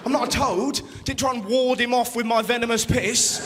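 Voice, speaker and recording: A man doing a stand-up routine, animated and jumping into silly voices. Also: very high-pitched, brisk, hardly any pauses, very noisy. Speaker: stand-up comedian. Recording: live theatre, long reverb, loud crowd.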